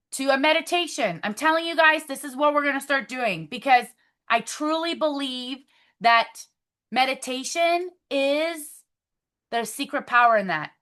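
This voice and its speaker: Woman team leader, high-pitched, energetic motivational coaching on a video call. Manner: upbeat, coaching, breaks into excited affirmations.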